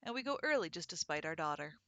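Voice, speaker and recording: A woman's voice: low voice, sing-song, quick pace, fairly bright tone, no room sound. Playful woman reading a dating game. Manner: playful, reads all characters aloud. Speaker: let's play host.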